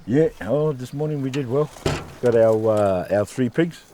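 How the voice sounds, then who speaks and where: A man chatting in a relaxed, unhurried way outdoors. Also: mid-range voice, background noise. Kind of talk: casual chat outdoors.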